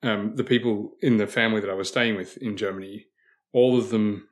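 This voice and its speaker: Low-voiced man telling a wry story. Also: steady tone, fairly quick. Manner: chatty storyteller, wry, chuckles. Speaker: podcast panelist. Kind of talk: casual group chat.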